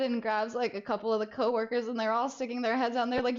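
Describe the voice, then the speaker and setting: A young adult woman streamer telling a story in casual chat, animated and often laughing as she goes. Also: fairly high pitch, fast talker, hardly any pauses, dull audio. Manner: animated, laughs through the story, frequent restarts.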